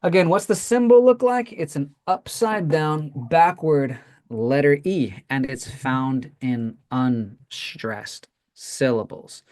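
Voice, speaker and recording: A teacher leading a classroom pronunciation lesson, modeling words slowly and checking in with "right?" often. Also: mid-range voice, a little mellow.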